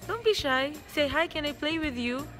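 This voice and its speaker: A woman's voice: sits high, expressive, normal speed, fairly bright tone, soft background music. A young woman, a mother chatting casually to the camera and coaxing her small kids. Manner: talks to her small children in a soothing, coaxing way. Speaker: vlogger and mother. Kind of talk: casual family vlog chat.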